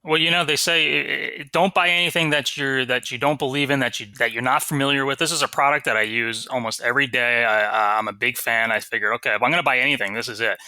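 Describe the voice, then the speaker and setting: A man co-hosting a talk show, chatting casually with an easygoing, wry manner. His voice is very bright and tense, and the recording is dry and close. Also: medium pitch, steady tone, fast talker, few pauses, no echo. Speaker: co-host, producer. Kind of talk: casual chat.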